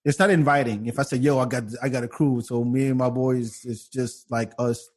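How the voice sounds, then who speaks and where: A man's voice: mid-range voice, steady tone, a little fast. A man co-hosting a casual podcast chat, amused and rambling, often laughing mid-sentence. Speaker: podcast co-host.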